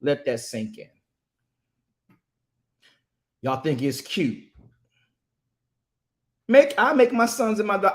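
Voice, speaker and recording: A man's voice: high-pitched, very animated. Emphatic preacher man. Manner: emphatic, drawn-out words for stress, quotes voices. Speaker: host and minister. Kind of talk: preaching talk show.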